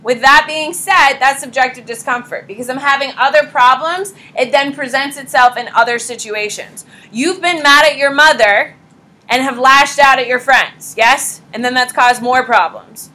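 A pregnant woman teaching a high school psychology class in a casual, blunt lecture style, talking straight to her students. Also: moderate pace, sharp tone, poor audio.

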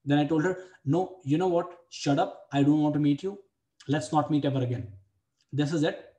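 A man's voice: on the high side, a little fast, a little mellow. Blunt young man, echoey room. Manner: blunt, profane, repeats phrases for emphasis. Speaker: dating coach. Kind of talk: personal story for a webinar.

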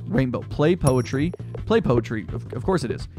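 A young man hosting a gaming video, muttering to himself in casual commentary with excitable outbursts. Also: mid-range voice, normal speed, gravelly, music in the background.

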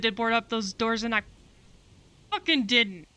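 A young woman gaming creator does let's-play commentary, swearing often and talking back to the game in frustration. Her fairly high voice is pushed and bright, clear and resonant, a little slow, with no echo.

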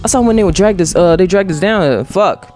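A man voicing a weary young male prisoner in a video game, speaking in a tired, low-key warning tone. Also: fast, a little mellow, close to an everyday voice. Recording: game music behind.

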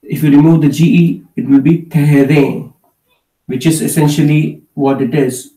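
A man's voice: fairly high pitch, little pitch movement, moderate pace, warm tone. A man teaching a live online Hindi class, explaining with many fillers and checking in with "okay" as he goes. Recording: echoey room, mic at a distance.

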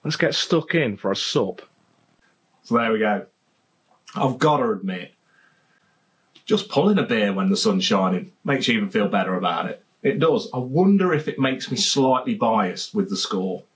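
An expressive man with a lowish voice talks at a moderate pace as he reviews a beer in his garden at home, outdoors. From England, with a Leicestershire accent, he keeps things casual and jokey, often going back over the same phrases.

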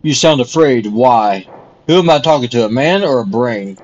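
A man's voice: mid-range voice, animated, normal speed, darkish tone, dull audio. A man casually commenting on his gameplay stream while coughing often and apologizing for it. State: coughing repeatedly.

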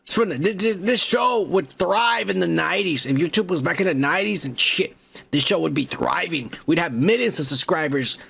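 A middle-aged man with a fairly high, gravelly voice hosts a podcast and reads out viewer comments. He talks in a loose, profane, joking way and breaks off to shout cheers to viewers. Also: moderate pace. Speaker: podcast host. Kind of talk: casual comment-reading chat.

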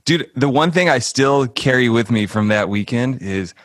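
A man's voice: mid-range voice, lively intonation, normal speed, no echo, clean studio sound. Laid-back young man. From Birmingham, Alabama. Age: young adult. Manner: laid-back, says dude and man a lot. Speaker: guest drummer. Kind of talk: casual interview chat.

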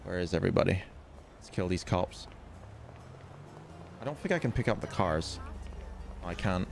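A man with a fairly low voice that swings about a lot, streaming a roleplay game. He talks excitedly, repeats himself and makes mock threats in character. Game music plays clearly beneath him. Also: normal speed. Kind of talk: live game commentary.

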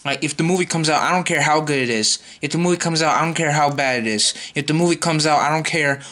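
A man's voice: a little high, fast, bright, forceful tone. A man ranting in a vlog, exasperated and repeating himself as he vows to boycott a movie. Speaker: YouTuber.

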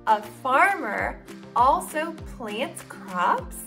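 A young woman hosts a toddler learning video in a very high, bright voice. She stretches each word out slowly and cheers the child along in an exaggerated sing-song. Faint music plays behind her. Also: very animated, creaky. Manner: exaggerated, encouraging, drawn-out words. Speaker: children's educational video host.

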